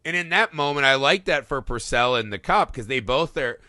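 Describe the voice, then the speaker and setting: Lively, bright-voiced male podcast host. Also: medium pitch, brisk, no room sound, clean studio sound. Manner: animated, swears, acts out quotes in put-on voices. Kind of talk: casual film discussion.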